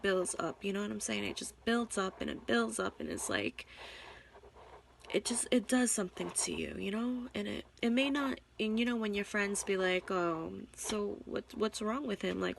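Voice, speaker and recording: A young woman talking straight to her camera in an emotional confessional vlog, tearful and halting, repeating herself and sighing. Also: mid-range voice, vocal fry, a little hiss or hum. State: tearful, on the verge of crying. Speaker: vlogger. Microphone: camera mic.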